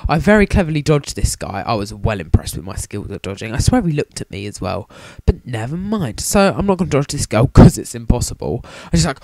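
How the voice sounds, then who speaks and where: A man's voice: mid-range voice, sing-song, fairly quick, darkish tone, no echo. A young man giving jokey, rambling, self-mocking commentary on a handheld game he is playing. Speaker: let's play commentator.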